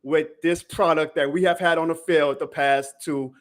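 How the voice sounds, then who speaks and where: A man's voice: on the high side, fairly even intonation, normal speed. A man hosting a sports podcast, ranting emphatically and profanely to his listeners. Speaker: podcast host.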